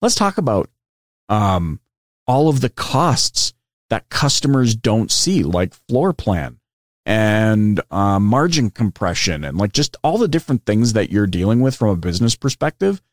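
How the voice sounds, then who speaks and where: A podcast host with a lowish voice, very animated but at a measured pace, walks through a screen demo in a loose, chatty way full of fillers and asides. It's a casual explainer, recorded at studio quality with no echo.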